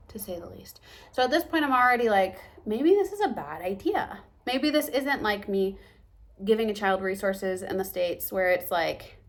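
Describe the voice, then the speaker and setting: A young woman vlogger tells a story to her camera in a casual vlog. Her voice is medium-pitched and creaky, and she's animated, acting out the lines people said to her and dropping whispered asides.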